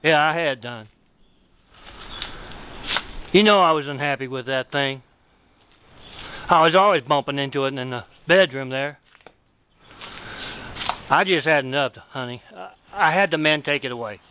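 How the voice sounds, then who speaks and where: A man's voice: a little high, measured pace, pauses often, a little hiss or hum, lightly acted. A man voicing a breezy, matter-of-fact wife who calls her husband honey and baby, over tinny phone-like audio. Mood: knowing.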